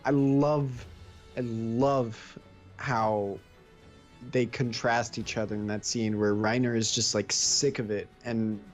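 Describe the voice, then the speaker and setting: Excitable young man, mid-pitched voice. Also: normal speed, few pauses, soft background music. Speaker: guest youtuber. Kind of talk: casual chat.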